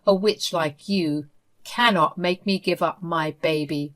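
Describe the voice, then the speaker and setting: A woman puts on an unhinged, possessive woman who speaks in a sugary yet stubborn voice. Her tone stays insistent and coldly defiant, pitched a touch low for a woman. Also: unhurried, fairly bright tone. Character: obsessive, unhinged woman claiming a baby.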